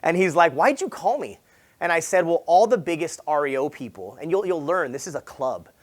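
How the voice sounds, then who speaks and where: A fairly high-voiced man speaks from the stage at a sales summit, running a personal story in loose, slangy speech. He keeps checking in with the crowd with "right?" and leaps up in pitch and loudness whenever he quotes someone. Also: a little fast. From Southern California. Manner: animated, acts out quoted dialogue with big jumps in pitch and volume; casual, peppered with "like" and "right?". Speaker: real estate agent speaking at a sales summit. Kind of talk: energetic motivational keynote storytelling.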